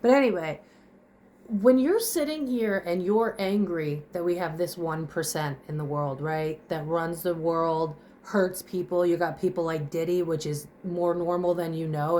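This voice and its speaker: A woman's voice: lowish voice, moderate pace, a little mellow, slight background noise. A young woman in her kitchen at home, crying and out of breath as she vents bluntly to camera in a raw confessional monologue, swearing and firing off rhetorical questions. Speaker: vlogger.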